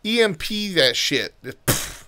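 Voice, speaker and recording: High-voiced man ranting, lively pitch. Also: measured pace. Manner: profane, heated ranting. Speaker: podcast co-host. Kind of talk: casual ranting chat.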